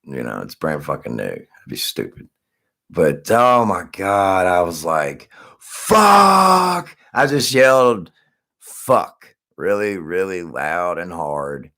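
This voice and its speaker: Man, vlogger, voice gone hoarse and scratchy, very low, profane animated rant. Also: unhurried, dry recording, studio quality. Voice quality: scratchy, deep. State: hoarse, lost voice. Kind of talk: casual ranting vlog.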